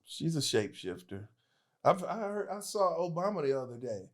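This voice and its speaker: A man talking as a podcast guest in casual political chat, animated and laughing, with a knack for mimicking voices. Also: a little high, moderate pace.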